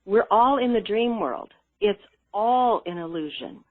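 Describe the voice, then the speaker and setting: A woman, a guest on the show, telling a story in an earnest, lively way and laughing often. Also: mid-range voice, unhurried, no echo. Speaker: interview guest, spiritual coach. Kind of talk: conversational storytelling. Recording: tinny phone line.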